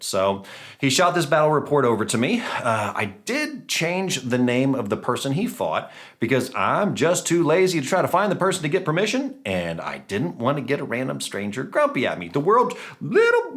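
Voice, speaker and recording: A man hosting a gaming channel, giving chatty, self-mocking commentary on a battle with playful jumps in pitch. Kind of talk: casual game commentary.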